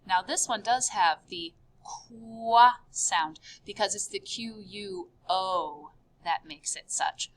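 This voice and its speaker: Upbeat Midwestern woman teacher, unhurried, measured delivery, repeats each word with rising emphasis. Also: mid-range voice. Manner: upbeat, drills words with sharp rising repeats. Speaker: French teacher. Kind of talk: recorded classroom lesson.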